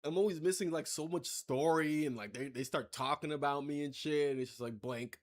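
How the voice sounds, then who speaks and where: A man's voice: fairly high pitch, brisk. A man giving casual, rambling let's-play commentary, swearing freely and turning sarcastic as he reacts to the story. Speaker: gameplay commentator.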